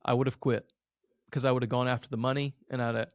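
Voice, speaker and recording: A man's voice: medium pitch, level tone, fast, clean tone, dry recording, clean studio sound. A man in his thirties, a podcast guest who owns an agency, telling his story candidly and earnestly, open about being a crier. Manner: earnest and emotional, a self-described crier.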